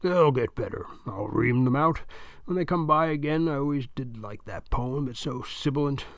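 A stern, physically imposing debate coach who barks at his students like a drill instructor, as a male reader puts him on. His commands swing up to loud bursts. The sound is dry and close. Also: medium pitch, normal speed, no echo, lightly acted. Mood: instructing.

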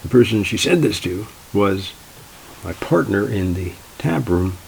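A man's voice: fairly low pitch, animated, unhurried, gravelly, darkish tone, slight background noise, poor audio. A man, a tournament organizer, telling anecdotes in a wry, dry, exasperated way. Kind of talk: anecdotal storytelling.

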